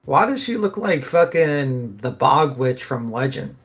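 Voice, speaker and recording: A man co-hosting a casual gossip livestream, crude and slangy, quick with jokes. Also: mid-range voice, sing-song, a bit bright. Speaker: livestream co-host.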